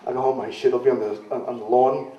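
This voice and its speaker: A man's voice: mid-range voice, steady tone, quick pace, slight background noise. A man in a casual interview, telling rambling self-deprecating stories and acting out the voices of the people in them. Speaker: interviewee, wrestler. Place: club in London. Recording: roomy, distant, dull lo-fi camcorder sound.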